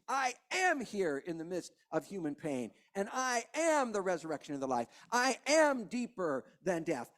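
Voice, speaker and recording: Male pastor, passionate sermon, soft passages and strong emphasis. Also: high voice. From Kentucky. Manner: impassioned, swings from hushed to rising emphasis.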